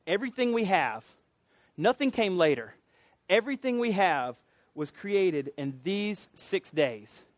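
Man preaching, laid-back and jokey, fairly high voice, dry close sound. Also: sing-song, a little slow, no echo. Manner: casual, jokey conversational preaching. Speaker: pastor. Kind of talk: sermon.

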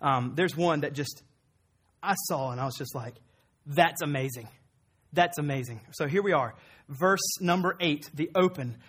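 Earnest man preaching, voice a bit high. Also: moderate pace, a bit bright, slightly rough. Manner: earnest and emphatic, repeating phrases for effect. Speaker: pastor. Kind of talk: sermon.

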